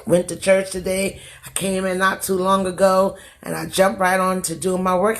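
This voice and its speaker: Hoarse-voiced woman hosting a phone livestream. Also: fairly low pitch, flat delivery, moderate pace, few pauses. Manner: sing-song greetings, chatty and rambling. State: losing her voice from a cold. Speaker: live stream host. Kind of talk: casual live stream chat.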